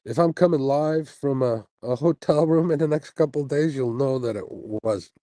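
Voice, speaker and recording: A man's voice: mid-range voice, normal speed, mellow, dry recording, low-quality recording. A man hosting a casual fishing-channel livestream, chatting with viewers in a laid-back way and sounding sleepy. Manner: laid-back, chatty, with frequent fillers and little laughs. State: sleepy, yawning after a night without sleep. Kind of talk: casual livestream chat, reading viewer comments. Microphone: earbuds mic on a phone stream.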